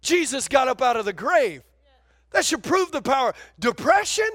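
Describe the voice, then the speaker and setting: A male pastor preaching a lively sermon, often stopping to call out to his congregation for answers. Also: very high-pitched, normal speed, no echo, clean studio sound. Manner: animated preaching, calls for congregation response.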